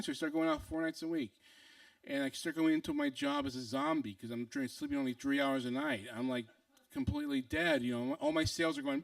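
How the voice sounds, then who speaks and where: A man's voice: very high voice, wildly swooping pitch, fairly quick, creaky, dry recording, recorded from a distance. A young adult man telling a comic personal story to an audience, acting out other people's lines between fillers and restarts.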